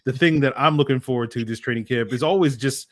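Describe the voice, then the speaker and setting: A man co-hosting a sports talk podcast, who talks in a measured, thoughtful way with some fillers. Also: mid-range voice, no room sound, clean studio sound. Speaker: podcast co-host.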